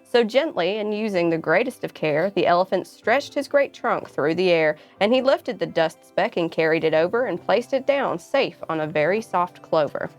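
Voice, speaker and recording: A woman's voice: fairly low pitch, expressive, normal speed, hardly any pauses, soft background music. A woman reading a rhyming children's bedtime story aloud in a rhythmic read-aloud manner. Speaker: storybook reader.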